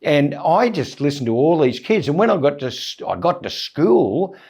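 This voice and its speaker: A man's voice: on the high side, sing-song, normal speed, darkish tone, slightly rough. An older Australian man in his seventies chats as a guest, wandering from tangent to tangent. He tells his stories in a loose, laid-back way and chuckles along as he goes. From born in England, raised in Australia. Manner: rambling, anecdotal, chuckling storyteller. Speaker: comedian guest. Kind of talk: casual interview chat.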